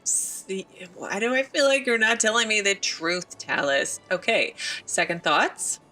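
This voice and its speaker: Woman doing let's play commentary, chatty and jokey, bright voice, some game music in the back. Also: mid-range voice, very animated, a little slow. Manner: chatty and playful. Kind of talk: casual gameplay commentary.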